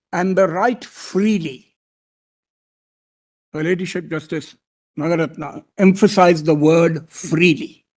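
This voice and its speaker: A man with an Indian English accent, a senior advocate making a deliberate, deferential legal argument before a court bench. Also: high voice, darkish tone. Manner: deliberate, deferential, repeats "my lord" often.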